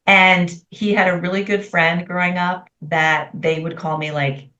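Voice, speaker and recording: Middle-aged woman chatting in an interview, lowish voice, kinda far from the mic in an echoey room, muffled sound. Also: a little slow. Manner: chatty, expressive, quotes herself in lively voices. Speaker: guest. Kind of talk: candid interview storytelling.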